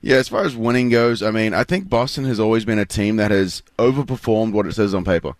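A man's voice: lowish voice, fast, no echo. A man with an Australian accent, chatting as a guest in a casual interview, rambling with fillers and restarts. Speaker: guest athlete.

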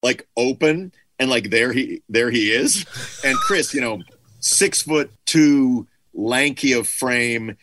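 A man's voice: mid-range voice, animated, takes it slowly, noisy background. A middle-aged man, a guest musician, telling a loose, rambling anecdote in a casual interview, full of "like" and restarts. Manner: loose storyteller with frequent "like" fillers.

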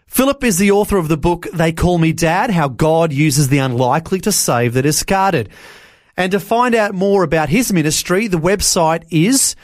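A man hosting a faith radio show who reads a scripted outro in a smooth, announcer-like delivery. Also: on the high side, lively intonation, normal speed, no room sound, clean studio sound.

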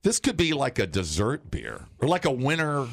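A man's voice: mid-range voice, very animated, normal speed, creaky, no echo. A man co-hosting a casual chat over beers, rambling and joking, often trailing off mid-sentence. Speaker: podcast co-host.

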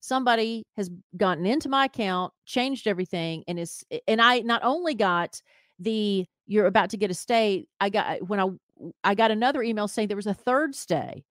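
Speaking at a moderate pace and medium pitch, a woman co-hosting a podcast recounts a story in relaxed conversation, lively and acting out the quoted voices. It's a dry, studio-quality recording.

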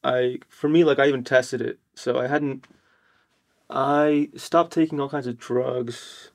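Gravelly-voiced male podcast host. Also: mid-range voice, steady tone. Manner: halting, restarts often while sharing his own view. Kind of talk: casual conversation.

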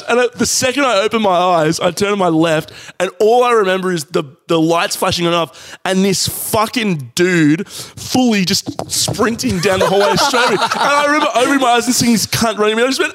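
A man's voice: sits high, brisk, few pauses, a bit bright, a little hiss or hum. A man with an Australian accent, co-hosting a podcast and telling a story in casual chat. He swears freely and acts out the voices in it. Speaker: podcast co-host.

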